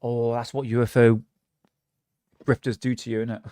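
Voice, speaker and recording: A man's voice: medium pitch, flat delivery, moderate pace, mellow, smooth, dry recording, clean studio sound. A man hosting a livestream, chatting casually and mocking what he watches, often laughing. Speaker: livestream host.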